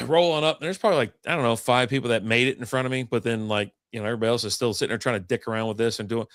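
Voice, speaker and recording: A man's voice: medium pitch, steady tone, rapid-fire, fairly bright tone, dry recording, studio quality. A man hosting a casual chat, telling a rambling, profane story and acting out the people in it. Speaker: podcast host.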